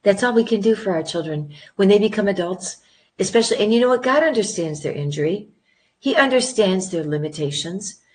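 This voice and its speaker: A woman's voice: medium pitch, animated, fairly quick, a little mellow. An older woman speaking earnestly as a guest in a conversation, encouraging prayer. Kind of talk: casual conversation.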